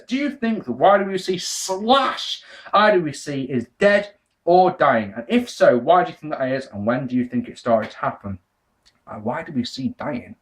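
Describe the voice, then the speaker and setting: A young man casually answering viewer questions about wrestling, ranting and swearing. He jumps between loud bursts and muttered asides. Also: fairly high pitch. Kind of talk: casual rant.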